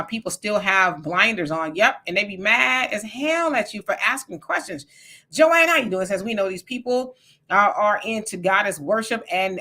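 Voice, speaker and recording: A woman's voice: medium pitch, pushed and bright. A woman hosting a livestream in a casual, chatty way, greeting viewers by name and reading their comments aloud. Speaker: livestream host.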